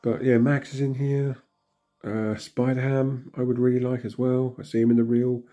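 A hoarse man, still recovering from illness, casually commenting and muttering reactions as he opens in-game crystals. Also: mid-range voice, little pitch movement, moderate pace, mellow. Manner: chatty, mutters reactions to himself. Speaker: gaming channel host.

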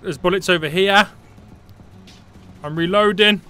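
A man giving live gameplay commentary, panicky and excitable, often repeating short phrases. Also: high-pitched, unhurried, clear, resonant tone, soft background music. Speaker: gaming YouTuber.

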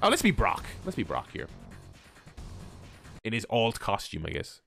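A man giving excitable let's-play commentary, swearing freely and laughing often. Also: fairly low pitch, moderate pace, gravelly, faint music behind. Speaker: gaming video host.

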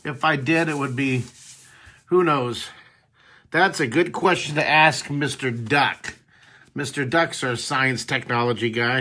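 A man's voice: fairly high pitch, a bit bright. A man hosting a live drawing lesson, chatting cheerfully with viewers and answering their comments as he sketches. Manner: chatty and upbeat, talking to viewers while sketching. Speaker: drawing teacher and show host.

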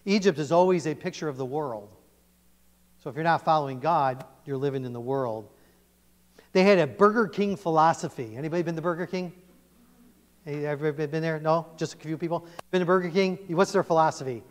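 A male pastor preaching a sermon in a church, animated and emphatic, often quizzing his congregation. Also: a little high, brisk. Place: church sanctuary. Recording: long church reverb.

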